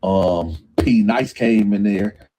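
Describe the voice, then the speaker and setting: A man telling a jail story in slangy, animated style, acting out what others said. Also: fairly low pitch, takes it slowly, low-quality recording. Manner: acts out other people's voices, swearing, slangy. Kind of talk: animated storytelling with acted-out quotes.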